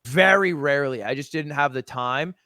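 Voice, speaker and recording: A man's voice: a little high, normal speed, sharp tone, dry recording, clean studio sound. A young man chatting casually as a streamer guest in an interview, rambling and swearing with self-mocking asides.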